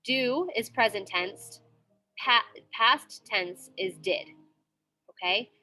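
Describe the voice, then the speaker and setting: A woman's voice: on the high side, slow pace, pushed and bright, soft background music. A woman teaching a grammar lesson in a classroom, patient and repetitive, checking in often with the students. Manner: patient, repeats with frequent "okay?" checks.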